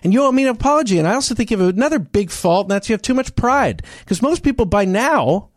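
A man's voice: sits high, lively intonation, quick pace. A man telling a story in casual chat, acting out both sides of an argument with many restarts.

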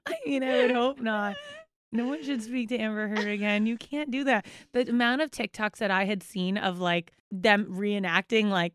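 Dry, animated woman podcast co-host. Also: mid-range voice, moderate pace, no echo. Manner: animated, crude, acts out quotes in put-on voices. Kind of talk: casual comedic chat.

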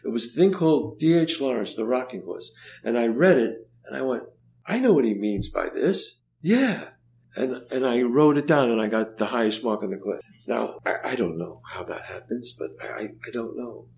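An older man with a mid-range voice and vocal fry speaks at a moderate pace as a guest in a conversational interview. He's an animated storyteller who acts out dialogue and often repeats words.

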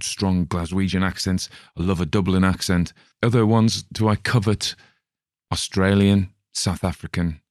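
A man with a low, deep voice talks casually as a podcast host, wandering off into asides before finding his way back to the point. The sound is dry and close, with no room around it. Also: no echo. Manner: rambling, chatty, digressive. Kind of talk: casual chat about a story.

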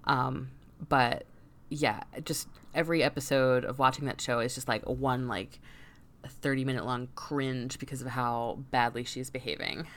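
Very low-voiced woman, frank and casual. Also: fairly even intonation, moderate pace, fairly bright tone. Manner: casual, frank, swears freely. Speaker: podcast co-host. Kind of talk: casual chat.

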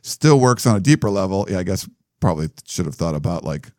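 A man's voice: low-pitched, very animated, fast, darkish tone, no room sound, studio quality. A man co-hosting a casual sports podcast, reading out jokey comparisons with fillers along the way. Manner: reads jokey comparisons aloud with fillers and laughs. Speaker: podcast co-host.

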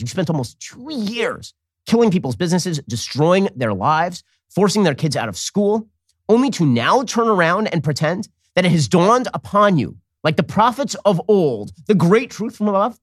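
Male commentary host, sarcastic and combative, lively swinging pitch, dry close mic. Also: no echo. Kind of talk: political commentary monologue.

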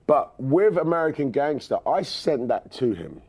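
Animated English man with a lively voice. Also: a little high, moderate pace, breathy edge. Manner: animated storyteller who slips into quoted voices. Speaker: guest, actor. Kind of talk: casual chat. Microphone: studio microphone.

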